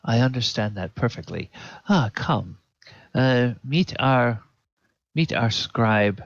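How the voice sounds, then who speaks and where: A man's voice: medium pitch, expressive, takes it slowly, no room sound, lo-fi sound. A man voicing a deferential male clerk who is eager to please. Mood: obliging.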